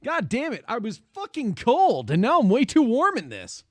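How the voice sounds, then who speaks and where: Lively high-voiced man streaming. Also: normal speed, no room sound, studio quality. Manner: chatty, swears freely, animated complaints. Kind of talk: casual live-stream chat.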